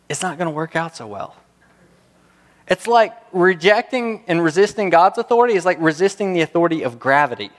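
A man preaches a sermon in a fairly high voice, growing animated and building to emphatic peaks. He often repeats and restarts his words as he goes. His voice rings out with a long reverb, as in a large hall. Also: fairly quick. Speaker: pastor.

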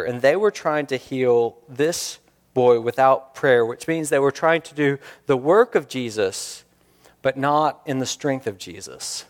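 A man preaches in an earnest, searching way, putting questions to his listeners and repeating his main points. His voice sits at an ordinary middle pitch. It rings out with the long reverb of a church sanctuary. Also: unhurried. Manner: earnest, rhetorical questions, repeats key lines for emphasis. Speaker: pastor. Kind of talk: sermon.

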